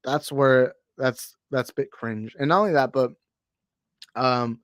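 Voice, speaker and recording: A young man talks on a podcast with a mid-pitched voice, rambling and getting heated as he goes. His sentences keep restarting and doubling back. The sound is dry and close. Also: a little slow, no echo. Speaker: podcast co-host. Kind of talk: casual chat.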